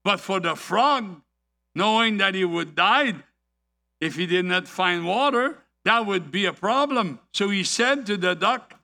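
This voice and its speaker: Slow, bright-voiced male preacher. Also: high voice, animated. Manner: deliberate preaching with rhetorical questions and anecdotes. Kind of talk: sermon.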